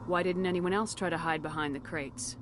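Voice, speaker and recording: Brief: actor playing a hard-nosed commander, fast, blunt questions, game audio with noise underneath. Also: medium pitch, fairly even intonation, close to an everyday voice. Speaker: military commander questioning a witness. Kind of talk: video game voice acting.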